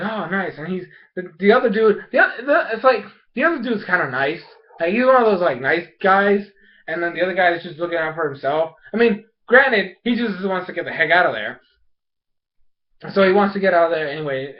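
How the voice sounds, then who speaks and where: A young man recapping a cartoon episode in a rambling, excitable way, full of fillers. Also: a little high. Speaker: TV episode reviewer. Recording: dull lo-fi home recording.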